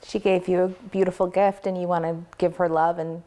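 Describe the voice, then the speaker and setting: A woman with a slightly low voice hosts an interview. She asks questions gently and responds with sympathy to what her guests share. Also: level tone, a little fast. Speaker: interviewer and host.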